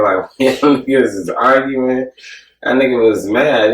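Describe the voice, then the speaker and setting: A man hosting a casual, profane podcast chat, joking and animated as he recaps events. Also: medium pitch, unhurried. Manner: animated, joking, mimics people loudly. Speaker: podcast host. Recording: roomy sound, mic at a distance.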